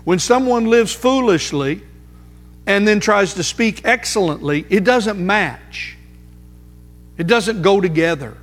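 A man preaching a sermon, emphatic, slowing down to repeat key phrases for weight. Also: high voice, expressive. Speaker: pastor. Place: church sanctuary. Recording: music under voice, long hall reverb.

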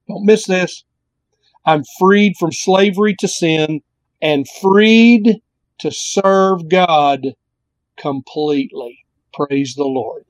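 A man pastor delivers a sermon in an earnest, repetitive cadence, slowing down on the words he wants to land. His voice sits a little higher than most men's. The sound is dry and close, with almost no room around it. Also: no echo, rough recording. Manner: earnest, repetitive preaching cadence with drawn-out emphasis.

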